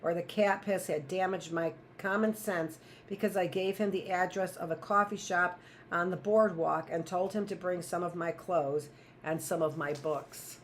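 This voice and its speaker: A woman's voice: on the low side, steady tone, normal speed, a little hiss or hum. A woman teacher reading a novel aloud in a plain, first-person storytelling voice.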